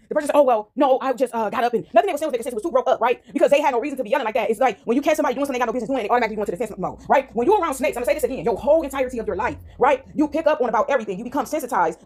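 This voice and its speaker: A woman ranting casually to her viewers from home into a phone, animated and rambling, tagging on "right?" and "y'all" constantly. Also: a little high. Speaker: vlogger. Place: at home, indoors.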